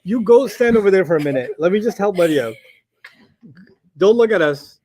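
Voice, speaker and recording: A man's voice: high voice, lively intonation, fairly quick, warm tone. A man teaching an Arabic lesson to a class, playful and teasing, laughing often as he corrects a student.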